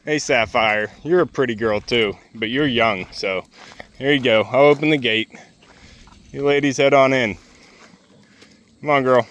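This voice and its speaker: In a mid-range, slightly bright voice, a man gives casual vlog narration from his homestead's yard and pasture, coaxing along his ducks, geese and turkeys. He talks a little slowly, with frequent pauses.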